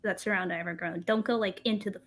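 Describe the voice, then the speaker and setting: A woman's voice: mid-range voice, steady tone, quick pace. A woman playing a tabletop game, asking tentative questions about what her character can do. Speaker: player. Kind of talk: casual tabletop play.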